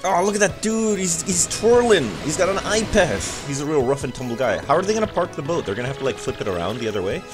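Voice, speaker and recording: A young man giving joking, casual commentary while streaming a video game, excitable and swearing often. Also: fairly high pitch, quick pace, few pauses. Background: game music.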